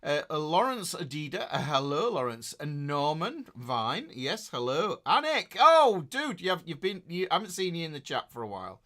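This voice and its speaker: A man's voice: on the high side, sing-song, moderate pace, few pauses, a bit bright. A middle-aged man, chatting casually as a guitar teacher hosting a live class and reading out viewers' names with jokes and fillers. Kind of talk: casual live-stream chat.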